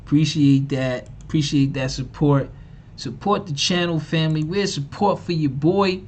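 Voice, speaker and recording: Emphatic, scornful male livestream preacher with a slangy delivery and a slightly raised pitch. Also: normal speed, darkish tone, a little hiss or hum. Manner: emphatic and repetitive, mocking, slangy. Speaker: online preacher and teacher. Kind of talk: live-streamed preaching.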